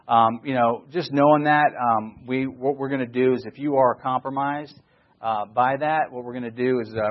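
A man's voice: mid-range voice, highs cut off. A middle-aged man giving an enthusiastic, rambling sales presentation, full of fillers and restarts.

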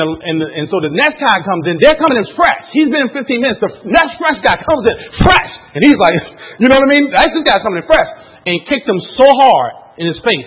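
A man giving a motivational talk to a live audience, telling a story with animated, pushing emphasis. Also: sits high, slightly rough. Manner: animated storytelling, rising and pushing on key points. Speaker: motivational speaker. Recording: tinny phone-like sound.

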